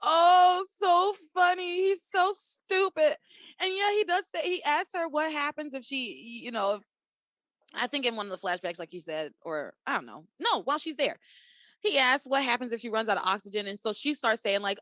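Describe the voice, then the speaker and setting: Animated, profane woman podcast host. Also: high voice, moderate pace, no room sound. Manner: animated, profane, laughs often, acts out characters' lines. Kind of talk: casual chat recapping a soap opera.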